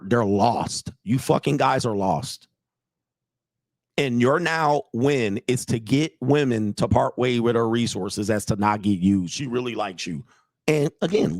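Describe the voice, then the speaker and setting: A man's voice: medium pitch, vocal fry, no echo, studio quality. A man hosting a livestream, lecturing viewers in a blunt, profane way and laughing between points. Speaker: commentator, channel host. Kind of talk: livestream commentary rant.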